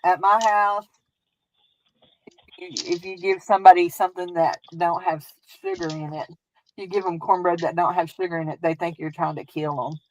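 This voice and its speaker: A woman's voice: lowish voice, fairly even intonation, moderate pace, a little hiss or hum, poor audio. A woman with a Southern US accent who hosts a crafting stream, chatting casually in a rambling, folksy way and laughing often. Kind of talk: casual chat while crafting.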